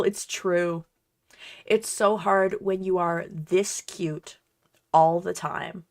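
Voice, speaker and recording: A woman's voice: on the low side, fairly even intonation, takes it slowly. A woman cosplayer chatting casually while she crafts, bubbly, rambling and self-deprecating. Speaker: cosplayer and streamer.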